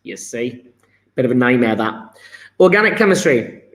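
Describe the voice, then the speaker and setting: A man's voice: mid-range voice, very animated, moderate pace, fairly bright tone. A man teaching a chemistry lesson to students, chatty and encouraging, often checking with "yeah?". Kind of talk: live online lesson. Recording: echoey room.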